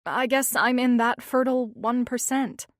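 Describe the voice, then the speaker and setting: A woman's voice: a little high, steady tone, normal speed, no echo, clean studio sound, lightly acted. A woman voicing a young, devoted mother who speaks firmly and defensively. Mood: evasive. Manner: firm, defensive.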